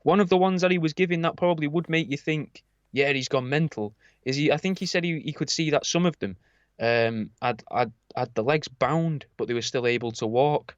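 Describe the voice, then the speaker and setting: A man's voice: on the high side, a little fast, no echo. A man co-hosting a podcast, retelling a story with amused chuckles. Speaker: podcast co-host. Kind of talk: casual storytelling chat. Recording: slightly dull lo-fi sound.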